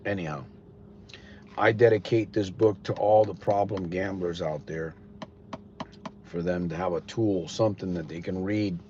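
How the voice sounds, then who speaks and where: A man's voice: low-pitched, steady tone, moderate pace, long pauses, a little mellow. Blunt rambling man on a lo-fi stream. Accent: Connecticut. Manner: rambling, blunt, restarts often. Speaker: podcast host. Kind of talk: casual live-stream talk. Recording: dull lo-fi sound with faint noise.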